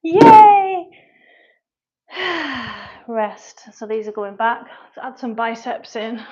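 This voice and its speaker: A woman's voice: a little high, flat delivery, unhurried, muffled recording. A woman with a Mancunian-Lancashire accent, a personal trainer chatting through a live workout, out of breath and sighing between sets. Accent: Mancunian-Lancashire English. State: out of breath from exercise. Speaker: personal trainer and online fitness coach.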